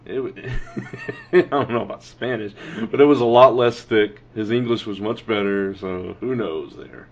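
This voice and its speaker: A young man from Texas co-hosts a wrestling podcast in an easygoing, low voice, laughing often and restarting his sentences. The sound is dull and lo-fi, with a faint hiss behind him. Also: normal speed. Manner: relaxed, laughs easily, hedging restarts. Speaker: podcast co-host. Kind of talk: casual wrestling chat.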